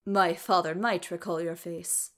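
A woman reading the part of a gruff, warm-hearted male dwarf warrior in a fan story read aloud. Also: on the low side, fairly even intonation, measured pace. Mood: fond. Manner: gruff, fond.

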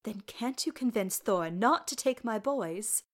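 A woman's voice: a little high, animated, a little slow. A woman voicing a dwarf mother who pleads tearfully for her sons. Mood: pleading, tearful.

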